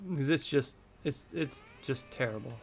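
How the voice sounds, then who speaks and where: A man's voice: medium pitch, unhurried, gravelly, slightly rough, soft background music. A man in his thirties from the United States, delivering a heated, profane vlog rant full of repetition. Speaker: vlogger. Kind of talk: angry political rant.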